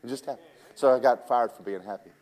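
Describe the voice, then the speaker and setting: A man's voice: mid-range voice, fast talker, darkish tone. A man preaching a sermon, telling personal stories in a folksy, teasing way and talking straight to the congregation.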